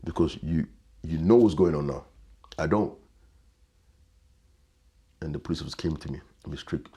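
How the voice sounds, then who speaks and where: Very deep-voiced man, halting. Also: slightly rough. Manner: halting, repeats words, often quiet and subdued. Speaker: interview guest. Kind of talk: emotional personal storytelling.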